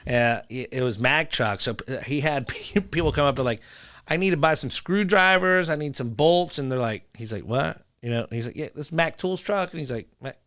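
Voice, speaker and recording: A man telling animated stories in a casual podcast chat, laughing often and acting out dialogue. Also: mid-range voice, fairly quick, hardly any pauses, dry recording, studio quality. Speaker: podcast guest, food truck owner.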